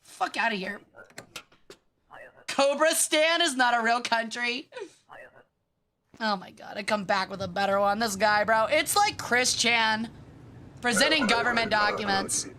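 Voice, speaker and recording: Bright bratty woman streamer. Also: a little high, a little hiss or hum. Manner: bratty, swears freely, quick reactions. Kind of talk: casual gameplay commentary.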